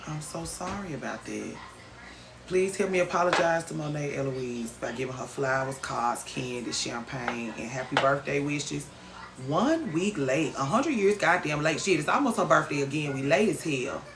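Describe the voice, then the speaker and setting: Host, woman, a bit low-pitched. Loose, teasing livestream banter with a few curse words. Room echo. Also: moderate pace, creaky. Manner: animated, teasing, swears freely. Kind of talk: casual live chat reading viewer comments. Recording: roomy echo, faint background noise.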